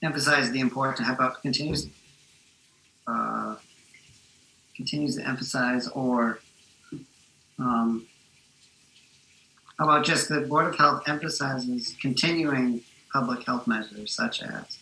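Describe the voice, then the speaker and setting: A man on a health board slowly and carefully suggesting wording in a meeting. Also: mid-range voice, creaky, sharp tone. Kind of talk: meeting discussion. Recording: roomy meeting room with faint ambience.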